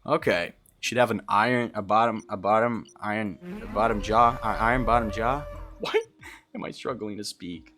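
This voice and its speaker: A young man from Brazil doing live gameplay commentary as a streamer, excitable and quick to swear and yell. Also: fairly low pitch. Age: young adult. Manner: excitable, swears often, yells and laughs in frustration.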